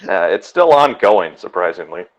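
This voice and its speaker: A man's voice: deep voice, big pitch swings, moderate pace. A man playing in a tabletop game, making dry, laid-back remarks. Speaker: player. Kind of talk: casual tabletop game chat. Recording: dull lo-fi mic.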